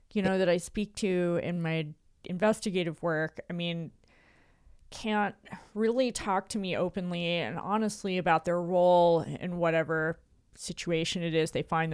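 A woman's voice: on the low side, clean tone, no echo, clean studio sound. A woman talking as a guest in a casual chat, hesitant with many fillers. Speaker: podcast guest, investigator.

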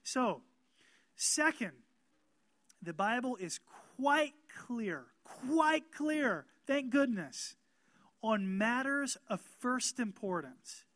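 A man preaching a sermon as pastor, emphatic and calling out amens to the congregation, growing louder and more animated. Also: very high voice, very slow, dry recording.

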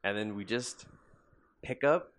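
A man co-hosting a casual chat, excitedly recapping a show and swearing as he acts out the lines. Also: lowish voice, unhurried. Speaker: podcast co-host.

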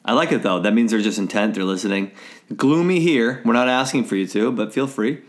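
A man's voice: on the low side, lively intonation, brisk. A man hosting a casual talk show, rambling and joking, often trailing off mid-sentence. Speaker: radio show host. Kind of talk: casual chat.

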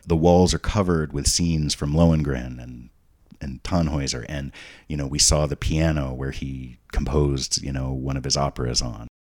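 A man's voice: very deep voice, fairly even intonation, moderate pace, a little mellow. A man speaking as a podcast guest, telling casual stories with rambling asides and frequent restarts. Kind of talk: casual storytelling.

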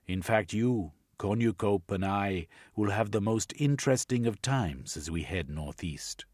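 A sly male villain, acted by a man reading a story, loud and raised above his own low voice. He gloats and gives orders with theatrical menace, in a husky tone. The recording is close and dry. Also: expressive, a little slow, no room sound. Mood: smug. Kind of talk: audiobook character reading.

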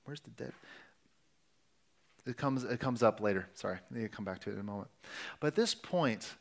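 A man's voice: fairly low pitch, fairly quick, gravelly. A man preaching a sermon as pastor, speaking earnestly and sometimes restarting his phrases. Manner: earnest, with restarts and varying emphasis.

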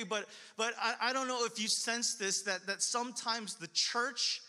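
Earnest high-voiced pastor, echoing hall. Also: male voice, normal speed, hardly any pauses, sharp tone. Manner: earnest, conversational, repetitive. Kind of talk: sermon.

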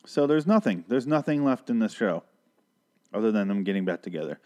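A man's voice: lowish voice, expressive, fairly quick, dark tone. A man casually recapping a TV episode in a profane, sarcastic, rambling way.

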